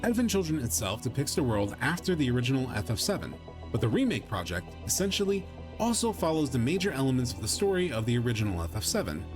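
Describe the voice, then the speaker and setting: A man giving scripted narration for a video essay in an explanatory, measured way. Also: mid-range voice, big pitch swings. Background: music.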